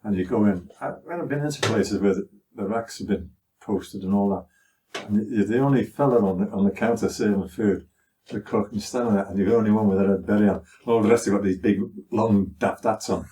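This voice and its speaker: A man's voice: fairly low pitch, brisk, dark tone, recorded from a distance. Older Scouse man spinning old yarns. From Liverpool, England. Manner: chatty anecdotal telling, acting out others' voices. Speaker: father recounting his life. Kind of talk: conversational life-story storytelling.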